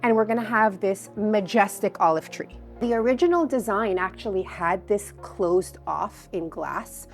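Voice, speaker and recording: A woman's voice: medium pitch, measured pace, hardly any pauses, faint music behind. A woman, an interior designer, describing a home effusively while walking a building site. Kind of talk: casual walkthrough conversation. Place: on site at a house under construction.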